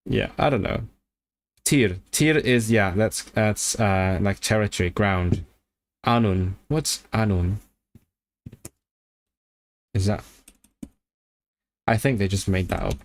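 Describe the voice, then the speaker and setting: A man chatting casually on a livestream about learning languages, thinking aloud with lots of restarts and quick bursts of excitement. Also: fairly low pitch.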